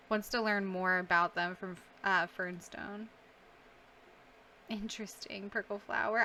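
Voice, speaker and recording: Bright-voiced young woman reacting emotionally. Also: mid-range voice, slight background noise. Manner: emotional, reacting aloud with gasps, sighs and laughs. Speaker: gaming YouTuber. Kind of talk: casual let's-play commentary.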